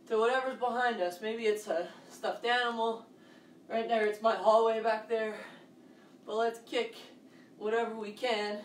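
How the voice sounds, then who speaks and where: A woman's voice: on the high side, reverberant, recorded from a distance, slight background noise. A woman coaching a home workout for kids, upbeat, counting reps and cheering the children on. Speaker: fitness coach. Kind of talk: kids' home workout class. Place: home, near a hallway.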